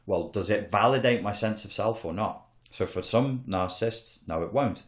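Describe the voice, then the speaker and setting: A man's voice: lowish voice, normal speed, echoey room. A man hosting a casual podcast conversation, candid and blunt, with some swearing and acted-out quotes. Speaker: podcast host, coach on narcissistic abuse.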